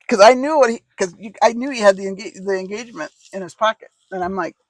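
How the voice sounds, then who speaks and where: A woman telling a personal story in a casual, lively way, acting out the dialogue and laughing often. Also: medium pitch, a little fast, dry recording.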